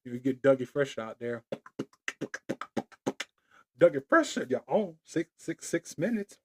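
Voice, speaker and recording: A man's voice: mid-range voice, very animated, a little slow, darkish tone, a little hiss or hum. A man hosting his own podcast, talking loosely and playfully, drifting into rhymes and chuckles. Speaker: podcast host. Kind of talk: casual solo podcast monologue.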